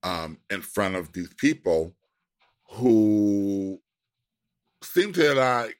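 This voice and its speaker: A man's voice: lowish voice, lively intonation, extremely slow, no room sound, studio quality. A man co-hosting a podcast in casual chat, laid-back and slangy, drawing his phrases out. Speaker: podcast co-host.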